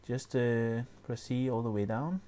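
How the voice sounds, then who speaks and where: A man explaining music software step by step, often pausing with fillers and restarting his sentences. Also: medium pitch. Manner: hesitant, many fillers and restarts. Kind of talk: screen-recorded tutorial.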